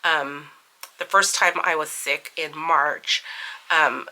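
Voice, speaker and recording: Woman vlogger, bright tone, slightly low pitch, chatty with ums, counting bills aloud, recovering from bronchitis. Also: steady tone, slow, low-quality recording. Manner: chatty, filler-heavy, counting cash aloud. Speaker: budgeting channel host. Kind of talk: casual chat.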